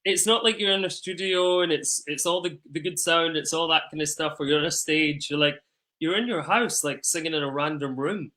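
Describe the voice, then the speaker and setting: A man's voice: a little high, sharp tone. A man who performs in musicals, talking earnestly and enthusiastically as an interview guest. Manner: earnest, enthusiastic, fast bursts. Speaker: musical theatre singer and guest. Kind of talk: casual chat.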